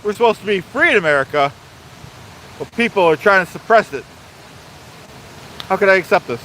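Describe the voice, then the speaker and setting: A man's voice: sits high, animated, brisk, pushed and bright, a little hiss or hum, low-quality recording. A man hosting a live stream outdoors by a waterfall, talking pompously about himself in the third person and repeating his points in a mock-authoritarian way. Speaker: livestream host. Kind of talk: live-streamed rant reading chat.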